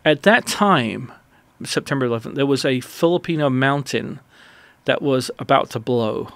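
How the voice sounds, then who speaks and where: A man who is a guest on a radio interview, telling a personal story in an animated, rambling way with many restarts. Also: mid-range voice, moderate pace, gravelly, no room sound.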